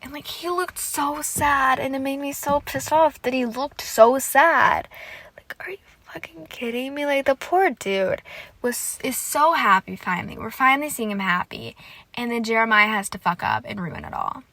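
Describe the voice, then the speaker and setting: A young woman hosting a casual solo podcast, gushing excitedly with lots of "like" and swearing. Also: high voice, normal speed, no echo. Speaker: podcast host. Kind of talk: casual solo podcast chat about a TV show.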